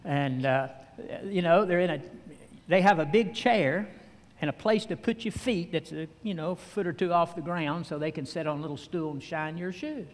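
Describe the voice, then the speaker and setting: Older male preacher, echoing hall. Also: a little high. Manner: folksy storytelling with fillers and pauses. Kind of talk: sermon. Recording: long hall reverb.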